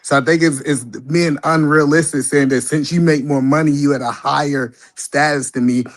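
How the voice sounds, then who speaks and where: A man's voice: a little high, steady tone, moderate pace. A man hosting a live-stream debate, earnestly arguing his point.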